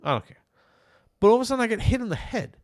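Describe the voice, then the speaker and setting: A man with a New York accent, co-hosting a casual podcast chat and telling a story with lively, acted-out quotes. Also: very high voice, racing, no echo, clean studio sound. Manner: animated storyteller, acts out quoted lines loudly. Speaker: podcast co-host. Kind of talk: casual chat over beers.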